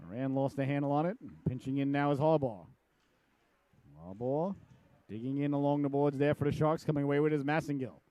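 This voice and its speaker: Male hockey play-by-play caller, middle-aged, slightly high voice, dry close sound, jokey tangent-prone delivery. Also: a little fast, mellow, no room sound. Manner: chatty, jokey, wanders into personal tangents; voice jumps up sharply on shots and saves. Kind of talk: live hockey play-by-play commentary.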